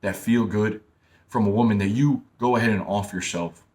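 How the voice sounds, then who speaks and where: A man's voice: fairly low pitch, normal speed, a little mellow. A young man giving casual, blunt advice straight to his listeners. He repeats himself and keeps calling them man and bro. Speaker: self-help talker. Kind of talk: casual direct-to-camera advice talk.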